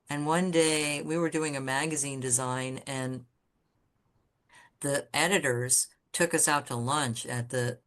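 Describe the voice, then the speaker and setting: A woman guest on a podcast, telling candid stories about her design career in a blunt, swearing, animated way. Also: sits low. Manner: animated storyteller who acts out quoted people. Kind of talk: casual storytelling interview.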